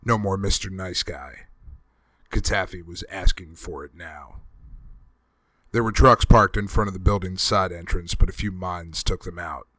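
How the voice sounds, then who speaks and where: A man reading a novel chapter aloud as a narrator in a steady, measured storytelling manner. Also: low-pitched, dry recording. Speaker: audiobook reader. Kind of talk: scripted narration.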